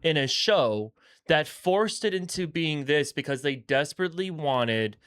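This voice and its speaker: A man co-hosting a podcast, talking in an animated, emphatic way, often restarting his sentences. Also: a little high, a little slow, clear, resonant tone, no echo, clean studio sound. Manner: animated, self-correcting, emphatic. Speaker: podcast co-host. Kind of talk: casual chat.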